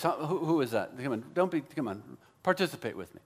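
A man's voice: on the high side, big pitch swings, a little fast. A man preaching a sermon as pastor, conversational and joking, with self-deprecating asides.

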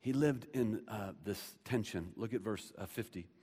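A man preaching a sermon in a conversational way, moving between loud, emphatic stretches and hushed ones. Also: fairly low pitch, normal speed, husky, big-room sound. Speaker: pastor.

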